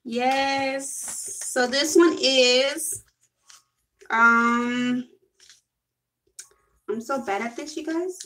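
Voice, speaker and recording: A woman's voice: high-pitched, very slow, long pauses, a bit bright, poor audio. A young woman gushing and giggling through a casual makeup haul video. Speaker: beauty vlogger.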